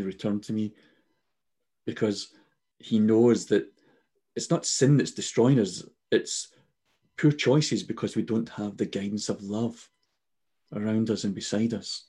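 A man in his sixties with a dark, husky voice talks over a video call. He tells his stories with energy and acts out the voices he quotes in an easygoing faith conversation. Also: on the low side. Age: 60s. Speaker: guest.

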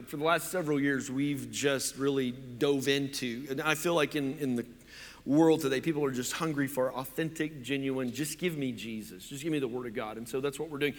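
Bright-voiced pastor in a reverberant hall. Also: male voice, medium pitch, moderate pace. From Oklahoma. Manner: chatty, joking preacher with fillers. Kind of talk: sermon. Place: church.

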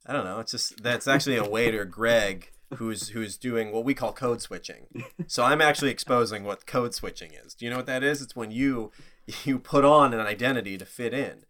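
A man's voice: mid-range voice, a little fast, a bit bright. A young man co-hosting a comedy podcast, riffing and joking in casual chat. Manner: joking, riffing, jumps into silly voices. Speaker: podcast co-host.

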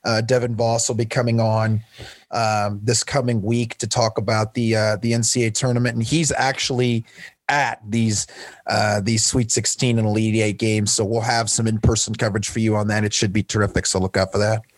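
A man's voice: lowish voice, level tone, normal speed, no echo. A man on a podcast with upbeat hype energy who stammers now and then. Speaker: podcast guest. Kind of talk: casual podcast chat.

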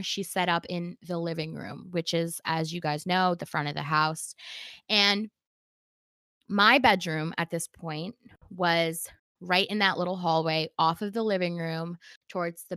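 A woman's voice: fairly low pitch, dry recording, studio quality. A woman telling a story in casual chat, acting out the quoted lines with lots of "like" fillers. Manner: animated, acts out quoted dialogue, many "like" fillers.

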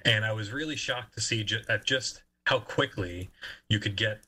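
A man's voice: fairly low pitch, normal speed, sharp tone, slightly rough, poor audio. A man who works as an engineer, answering interview questions in a casual, enthusiastic way. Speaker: guest engineer.

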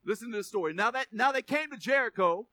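A man's voice: very high voice, lively intonation, fast talker, pushed and bright, no room sound. A man preaching a sermon to his church, emphatic, often repeating words and asking for an amen. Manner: emphatic, repeats words, asks congregation for amens. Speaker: pastor.

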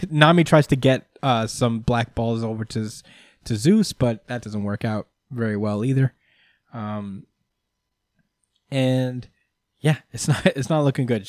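A man hosting a casual recap chat, animated, swearing freely and laughing often as he tells the story. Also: medium pitch, dry recording, clean studio sound. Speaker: host.

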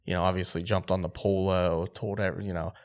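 A man's voice: low voice, fast. A man co-hosting a podcast, telling a story in a casual, laid-back way full of "like" and quoted dialogue. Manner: excited, lively retelling with quoted dialogue; laid-back, filler-heavy speech with frequent "like". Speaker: podcast co-host.

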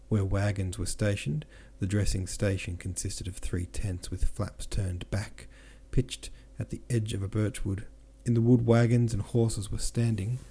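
A man reading a classic novel aloud as a podcast narrator, steady, with small slips he corrects himself. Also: on the low side, slightly rough. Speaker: audiobook narrator and podcast host.

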